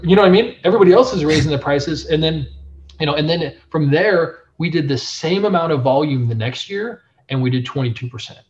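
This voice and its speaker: Animated man on a dull lo-fi recording. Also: fairly high pitch, a little fast. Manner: animated, frequent filler phrases. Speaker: print shop owner, podcast guest. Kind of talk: casual interview storytelling. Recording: dull lo-fi sound.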